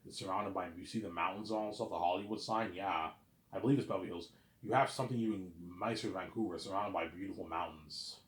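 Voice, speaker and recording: Fast-talking and low-voiced, a man from Canada vlogs in a loose, repetitive monologue, swearing without a second thought and asking "you know what I'm saying" again and again. Reverb colors the recording.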